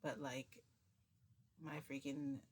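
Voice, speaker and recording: A woman's voice: rumbling low, level tone, slow pace, slightly rough. A woman vlogger telling a long casual story to her viewers, chatty and rambling, with many restarts.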